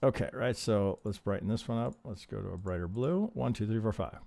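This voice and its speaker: A man teaching trading on a live stream, reviewing charts in an animated, profane way and asking "right?" again and again. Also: lowish voice, a little fast, vocal fry, dry recording. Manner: profane, emphatic, acts out trader reactions, keeps asking "right?".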